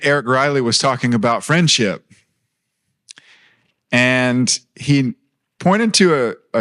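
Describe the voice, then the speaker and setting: A man's voice: mid-range voice, a bit bright. A man in his thirties preaching a sermon in a church, earnest and conversational, mixing personal stories with light humor.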